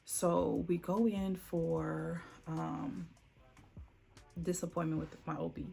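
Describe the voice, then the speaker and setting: Brief: woman vlogger, gravelly voice, animated storytime, faint music behind. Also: low voice, takes it slowly. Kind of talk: emotional storytime vlog.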